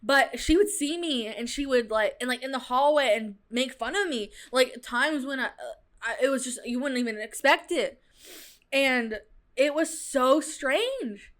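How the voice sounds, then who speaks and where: A young woman with a lilt tells a story from her own life in loose, chatty podcast talk, full of "like" and "dude." Her voice sits a bit higher than most women's. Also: unhurried. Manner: chatty, animated retelling with fillers like "like" and "dude". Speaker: podcast host. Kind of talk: casual storytelling.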